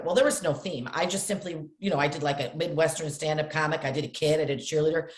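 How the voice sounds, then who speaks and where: Lively middle-aged woman, roomy echo. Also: deep voice, quick pace, few pauses. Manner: animated, acts out family voices in her stories. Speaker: guest. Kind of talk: casual storytelling interview.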